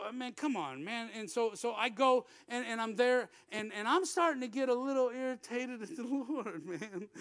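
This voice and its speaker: Man, high-pitched, middle-aged, preacher, conversational sermon storytelling, hushed moments. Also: dry recording. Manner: conversational, repeats words, often drops to a hushed tone. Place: church.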